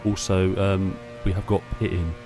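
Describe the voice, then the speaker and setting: A man's voice: low-pitched, little pitch movement, moderate pace, over music. A man chatting casually to himself while playing a racing game. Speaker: gameplay streamer. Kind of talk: casual gameplay commentary.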